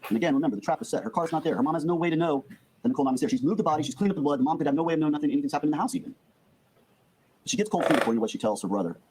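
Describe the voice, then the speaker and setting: This male prosecutor's voice sits a little high, with lively intonation and a slightly mellow quality. Presenting the evidence to a jury in his opening statement, he briskly performs the quoted lines, though the audio is poor with slight background noise.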